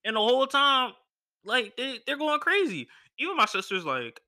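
A young man from Philadelphia telling a personal story in a casual, animated way and acting out the people he quotes. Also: very high voice, moderate pace. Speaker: podcast host.

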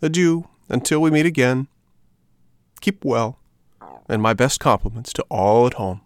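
A man's voice: medium pitch, animated, a little slow, smooth, no room sound, studio quality, voice pushed up, close to an everyday voice. A man doing a chirpy polite little chick. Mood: cheerful. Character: small polite newborn chicken, cheerful.

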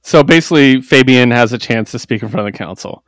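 A man co-hosting a casual podcast, recapping comics in an animated way, jumping into quick character voices and laughing often. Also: mid-range voice, no echo. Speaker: podcast co-host. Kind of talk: casual comic book chat.

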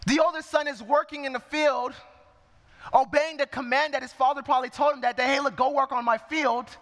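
A man's voice: very high-pitched, steady tone, fairly quick, fairly bright tone, big-room sound. A man preaching a sermon, reading scripture verse by verse and explaining it as he goes.

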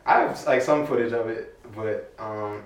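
A young man telling a story in casual chat, animated and laughing, acting out quotes. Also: fairly low pitch, measured pace, distant mic. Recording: roomy sound from off-mic.

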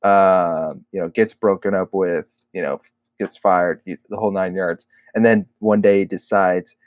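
Male co-host, low voice, dry close sound, chatty and filler-heavy. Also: steady tone, measured pace, no room sound. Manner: rambling, filler-heavy, full of "like" and "you know". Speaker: podcast co-host. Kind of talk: casual chat.

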